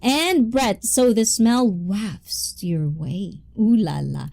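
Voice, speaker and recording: A young woman chats with her viewers on a livestream, reading their comments aloud and laughing often. Her voice is mellow and her pace is slow and easy. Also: medium pitch, expressive, vocal fry. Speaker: livestream host reading chat. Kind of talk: casual livestream chat.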